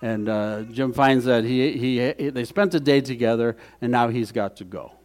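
A man preaching a sermon as pastor, earnest, repeating key phrases and dropping softly for emphasis. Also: medium pitch, normal speed.

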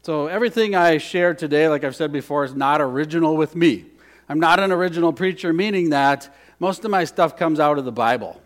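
A man's voice: fairly high pitch, brisk. A man preaching a sermon as pastor, earnest and repeating key phrases, leading the congregation in spoken responses.

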